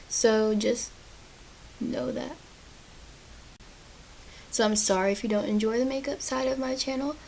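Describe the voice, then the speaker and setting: A woman's voice: on the high side, gravelly, slight background noise, poor audio. A young woman chatting casually through a makeup tutorial at home, apologetic and self-deprecating. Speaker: beauty vlogger.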